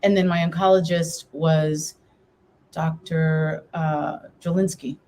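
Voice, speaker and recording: A woman's voice: sits low, steady tone, slow, dark tone, slight background noise. Earnest woman telling her story. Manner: storytelling, acts out past conversations; earnest, candid. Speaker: guest, breast cancer survivor and coach. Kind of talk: personal story in a live interview.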